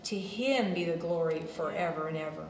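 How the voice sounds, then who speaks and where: A woman's voice: sits low, moderate pace, reverberant, slight background noise, rough recording. A woman preaching a sermon, emphatic, repeating her phrases and drifting into side stories.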